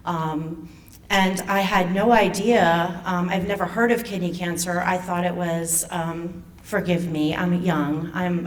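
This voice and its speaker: A woman in her fifties, president of a patient foundation, nervously telling her own story to an audience, halting and emotional. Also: lowish voice. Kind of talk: personal story told to an audience. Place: event venue. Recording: distant mic with faint room noise.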